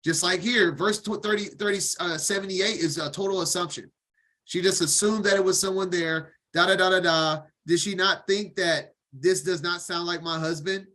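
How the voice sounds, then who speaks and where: A man's voice: high-pitched, steady tone, moderate pace, sharp tone. A man teaching scripture, reading a passage line by line and stopping to add his own informal comments. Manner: reads aloud, then breaks off to comment casually.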